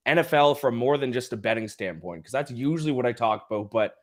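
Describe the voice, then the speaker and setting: A man with a Canadian accent and a hoarse, flu-worn voice talks football on a podcast. He is chatty and self-deprecating, tripping over his words when he gets going. His pitch sits in an ordinary middle range. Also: expressive, quick pace. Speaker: podcast co-host. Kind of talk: casual podcast chat.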